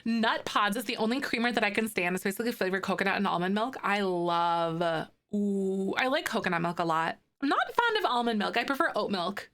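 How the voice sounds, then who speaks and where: A woman's voice: mid-range voice, brisk, hardly any pauses. A young woman, chatting casually on a live stream and reading viewer comments, gushing and cooing over pet photos. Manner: gushing, excitable, coos over pets.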